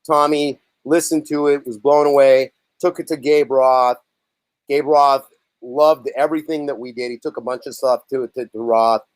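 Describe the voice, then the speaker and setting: A man telling a long story in a relaxed interview, slipping into quick voices for the people he quotes. His voice sits at an ordinary pitch, and the sound is dry and close with no room echo around it. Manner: animated storyteller, acts out others' lines. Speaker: lead singer and songwriter, guest.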